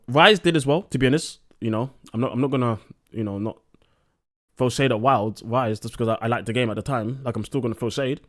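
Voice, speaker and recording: Tipsy man ranting on a live stream. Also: mid-range voice. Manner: blunt, profane, ranting. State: drunk, slurring words.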